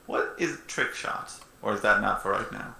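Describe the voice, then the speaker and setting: A man's voice: fairly low pitch, normal speed, gravelly, bright, forceful tone. A man playing a tabletop game, asking laid-back questions and calling his shots. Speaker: player. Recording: roomy echo, faint noise.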